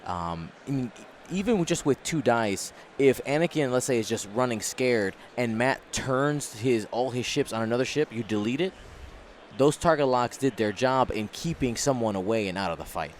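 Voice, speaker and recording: A man co-commentating a tabletop tournament, playful and quick with banter. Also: mid-range voice, lively intonation, a little hiss or hum. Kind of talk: casual game commentary.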